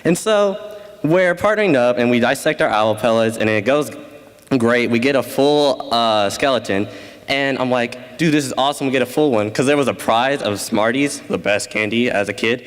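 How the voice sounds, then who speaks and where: A man's voice: medium pitch, normal speed. Brief: teen boy, casual storyteller, laughs at his own jokes, big echoing hall. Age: teens. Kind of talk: live story slam. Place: school event stage.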